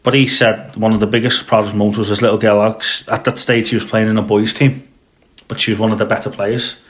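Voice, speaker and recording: A man's voice: fairly low pitch, flat delivery, fast. A man co-hosting a football podcast in casual chat, rambling with plenty of fillers and restarts. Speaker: podcast co-host. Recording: roomy echo.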